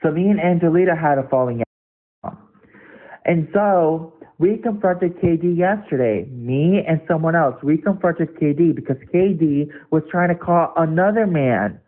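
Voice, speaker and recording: Angry man ranting over tinny audio. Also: fairly high pitch. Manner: angry, profane, rapid ranting. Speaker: online debater. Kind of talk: heated storytime rant.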